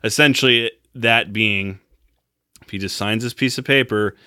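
A podcast co-host retelling a film in a loose, profane and joking way, slipping into the characters' lines. His voice sits fairly low but sounds bright and forceful. The sound is dry and close, with no room around it. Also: moderate pace, no room sound. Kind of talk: casual movie recap chat.

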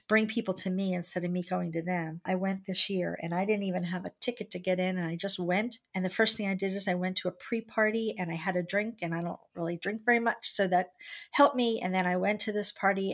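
A middle-aged woman being interviewed, speaking candidly and reflectively about her own life. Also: fairly low pitch. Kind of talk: personal storytelling in an interview.

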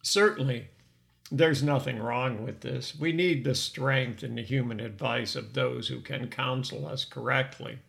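A man's voice: mid-range voice, a little slow, gravelly, fairly bright tone. An older man hosting a podcast, telling his own life story in an earnest, reflective scripted narration. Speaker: podcast host.

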